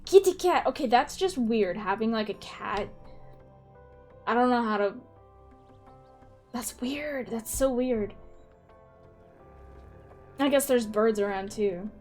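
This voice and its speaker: A woman's voice: a little high, slow, long pauses, soft background music. A woman streamer casually chatting while playing a video game, self-mocking and reading lines aloud. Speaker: gaming streamer. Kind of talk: casual let's-play commentary.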